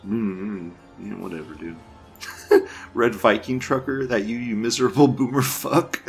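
A young man hosting a casual commentary show, rambling and crude, laughing often. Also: fairly low pitch. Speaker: show host.

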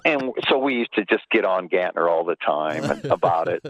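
A man's voice: deep voice, normal speed, a crowd in the background, rough recording. An older man from Los Angeles, a former baseball trainer, telling stories in a casual chat and putting on voices for the people in them. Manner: animated, puts on voices in anecdotes. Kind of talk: casual storytelling.

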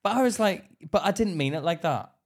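A man co-hosting a podcast, telling an animated story in casual chat, acting out what people said and laughing often. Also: sits high, brisk, creaky. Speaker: podcast co-host.

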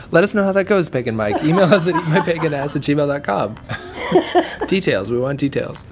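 A woman's voice: low-pitched, expressive, moderate pace, pauses often, background noise. A woman co-hosting a podcast, reading listener emails and joking irreverently, swearing freely. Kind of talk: casual chat.

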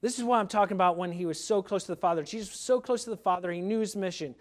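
Earnest high-voiced male preacher. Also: racing. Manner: earnest, emphatic with repetition. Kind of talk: sermon.

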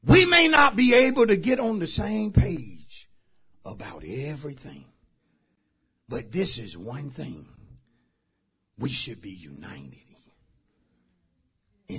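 A man preaching a sermon as pastor, shouting out lines and calling for responses from the congregation. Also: fairly high pitch, sing-song, slow pace, long pauses, husky.

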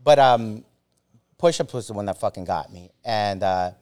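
A man in his forties with a fairly low voice tells a story as a podcast guest. He talks in a casual, halting way, swearing often and restarting his sentences, with plenty of fillers. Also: expressive, a little mellow. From United States. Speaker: former Army Ranger.

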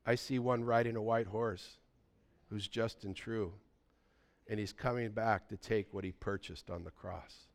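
A man preaching a sermon, asking his listeners pleading questions and telling stories with lively energy. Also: fairly low pitch, a little slow, vocal fry. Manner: animated storytelling, pleading questions. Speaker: pastor.

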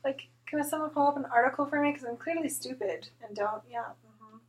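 A woman co-hosting a casual podcast chat, talking in an excitable, gushing way. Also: sits high, fairly quick, low-quality recording. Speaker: podcast co-host.

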